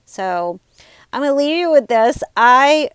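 A woman's voice: high-pitched, animated, measured pace, clear, resonant tone, dry recording. Upbeat chatty woman podcast host. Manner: upbeat, chatty, says "you guys" and "like" often. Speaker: podcast host and life coach. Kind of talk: casual motivational podcast talk.

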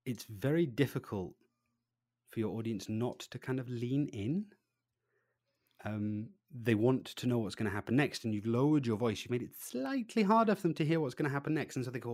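A man giving an interview about his training work, lively, acting out little voices and swinging between loud and quiet. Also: medium pitch, moderate pace, dry recording, studio quality. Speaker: presentation trainer, guest. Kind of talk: animated podcast interview.

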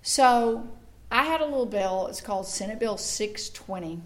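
A middle-aged woman, a state senator giving an animated political speech to a meeting, acting out the voices of the people she quotes and building up her emphasis. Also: mid-range voice, moderate pace. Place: meeting room with an audience.

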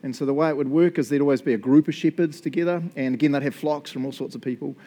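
A man's voice: a little high, fast talker, dark tone. A man, preaching as a pastor, praying and then teaching in an earnest, enthusiastic way with frequent laughs. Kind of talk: sermon with spoken prayer.

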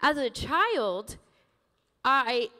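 A woman pastor preaching a sermon in a church, emotional and animated, laughing often as she tells stories. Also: high-pitched, drawn-out words, in a large hall. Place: church sanctuary.

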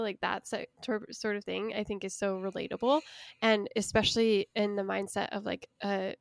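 A woman's voice: mid-range voice, level tone, moderate pace, vocal fry, dry recording. A woman talking casually about a song, chatty and full of restarts.

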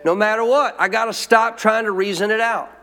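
A brisk, steady male preacher with a high, sharp-toned voice addresses his congregation in a church sanctuary, emphatically calling for their responses. The sound carries a long hall reverb.

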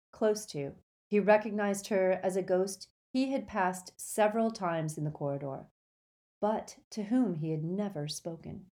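Mellow-voiced woman reading an audiobook. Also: medium pitch. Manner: steady storytelling delivery. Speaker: audiobook narrator. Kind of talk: audiobook narration.

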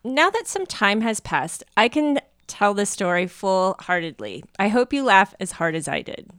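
A woman co-hosting a podcast, reading a listener's story aloud in an animated way and laughing often. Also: mid-range voice, moderate pace, no room sound, studio quality.

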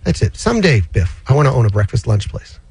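Chatty husky-voiced man on the radio. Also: mid-range voice, very animated, quick pace, a little mellow. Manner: chatty, rambling, with many fillers and restarts. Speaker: radio show host answering listener finance questions. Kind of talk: casual radio chat.

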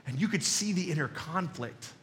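Male pastor, high-pitched and sharp-toned, preaching conversationally with jokey asides and repeated punchlines. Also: lively intonation, moderate pace, slight background noise. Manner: conversational, with joking asides and rhetorical questions; emphatic, repeats key phrases. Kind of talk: sermon.

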